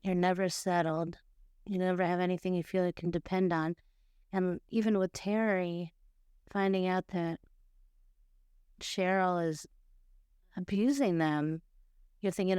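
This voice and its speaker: A woman's voice: fairly low pitch, steady tone, a little slow, pauses often, a little mellow, clean tone, no room sound, clean studio sound. A woman co-hosting a podcast, talking reflectively and with empathy, voicing imagined reactions in casual chat. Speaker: podcast co-host.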